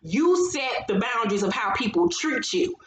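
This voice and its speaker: A woman's voice: on the high side, sing-song, moderate pace, echoey room, poor audio. A woman hosting a casual reality TV recap, talking bluntly and profanely with sassy reactions. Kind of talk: casual chat.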